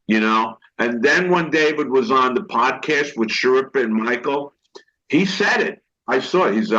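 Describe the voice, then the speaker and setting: In a dull, lo-fi recording of a storytelling interview, an older actor guest rambles through anecdotes, acting out others' speech with many restarts. He speaks at a normal speed in an animated, medium-pitched, slightly bright voice.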